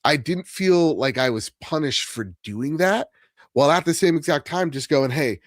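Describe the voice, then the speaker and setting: A man's voice: fairly high pitch, moderate pace, no echo, studio quality. A man co-hosting a podcast in casual chat, laid-back and agreeable with trailing restarts. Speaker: podcast co-host.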